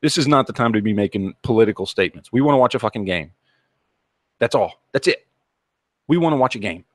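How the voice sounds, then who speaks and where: A man's voice: medium pitch, expressive, quick pace, dry recording, studio quality. Man on a swearing rant. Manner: profane, heated, repeats himself. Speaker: channel host. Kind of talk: angry rant to camera.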